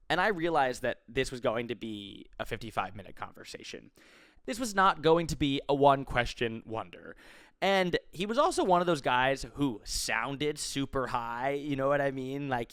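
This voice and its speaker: A man's voice: mid-range voice, animated, moderate pace, fairly bright tone, no echo, studio quality. Rambling man telling a story. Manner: rambling, heavy use of "like" fillers, swearing. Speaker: vlogger. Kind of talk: casual storytelling.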